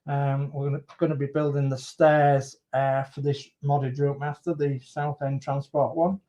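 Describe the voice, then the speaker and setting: A man's voice: mid-range voice, level tone, measured pace, mellow. A man hosting a casual model-building livestream, chatty and friendly, greeting viewers by name and rambling with many restarts. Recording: dull lo-fi stream audio.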